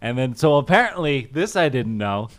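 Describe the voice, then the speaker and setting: A man's voice: mid-range voice, very animated, moderate pace. A man co-hosting a call-in talk show, teasing his partner and laughing often as he tells stories. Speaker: radio show co-host. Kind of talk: casual banter.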